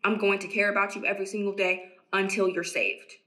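A woman casually preaching to camera as an evangelist, emphatic and repeating phrases for stress, sometimes dropping to a hushed near-whisper. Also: medium pitch, flat delivery, fairly quick. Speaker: Christian evangelist.

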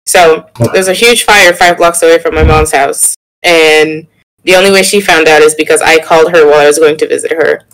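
Lively young man telling a story. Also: brisk, rough recording. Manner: animated, laughing storyteller who jumps up in pitch when excited. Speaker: podcast co-host. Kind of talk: casual chat, storytelling.

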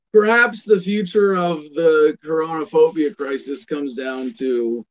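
A man's voice: fairly high pitch, highs cut off. A man hosting a political commentary show, delivering a sardonic, emphatic monologue and reading passages aloud.

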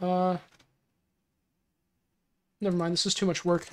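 A woman's voice: fairly low pitch, level tone, measured pace. A woman game streamer chatting casually on a livestream, giggly, rambling and easily flustered.

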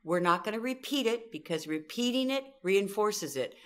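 Middle-aged woman from Southern California, animated expert guest, acts out dialogue. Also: medium pitch, moderate pace. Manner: animated, acts out quoted voices. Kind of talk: storytelling interview talk.

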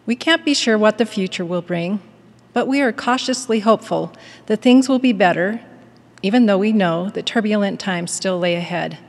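A woman giving a prepared devotional address in a measured, earnest manner and reading a story aloud. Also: mid-range voice, long reverb tail. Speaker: devotional speaker at a university.

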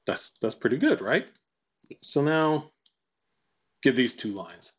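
A man walking through a software tutorial casually, thinking aloud and reading lines out to test them. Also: mid-range voice, sing-song, slow pace, husky. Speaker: tutorial presenter. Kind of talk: screen-recorded software tutorial.

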